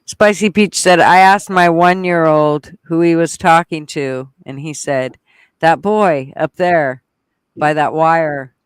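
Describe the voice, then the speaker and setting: A man's voice: on the high side, steady tone, no echo. A man co-hosting a casual chat who reads out viewer comments and tells his own story. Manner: slow, clear, reacts with short affirmations. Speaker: podcast co-host.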